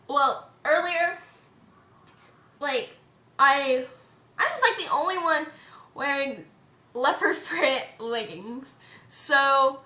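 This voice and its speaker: Bright, high-voiced excitable teen girl. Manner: excitable, rambling with lots of "like". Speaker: vlogger. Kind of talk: casual storytime vlog. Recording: echoey room.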